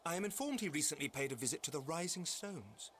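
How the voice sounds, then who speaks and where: A man voicing an earnest, formal nobleman who leads a holy city, speaking in measured, courtly phrases. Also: a little high, very animated, a bit bright, slight background noise. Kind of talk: formal game dialogue. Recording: game audio with faint music. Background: faint game music.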